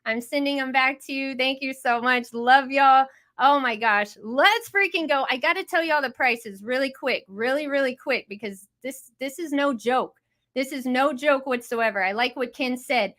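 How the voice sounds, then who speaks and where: A woman's voice: high-pitched, normal speed, bright, forceful tone. A woman hosting a live online audio room, hyped and chatty with lots of exclamations. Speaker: host.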